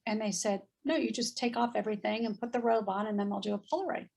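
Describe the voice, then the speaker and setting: A woman in her fifties telling a story in casual chat, animated and acting out voices as she goes. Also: mid-range voice, fast talker, vocal fry. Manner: animated, acts out voices in quotes, laughs often. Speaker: guest.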